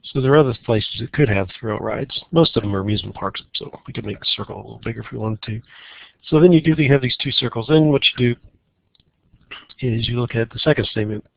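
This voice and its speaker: Guy teaching a math lecture, relaxed, thinks out loud, kinda gravelly, dull lo-fi sound. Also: mid-range voice, quick pace, no room sound. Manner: relaxed, thinking aloud with restarts. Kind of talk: recorded lecture on logic problems.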